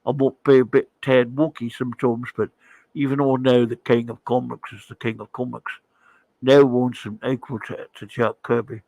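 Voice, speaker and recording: A man putting on a gruff, swearing older English comics writer in a mock English accent, grumbling. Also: mid-range voice, level tone, normal speed, a little mellow, no room sound, natural voice. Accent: put-on English.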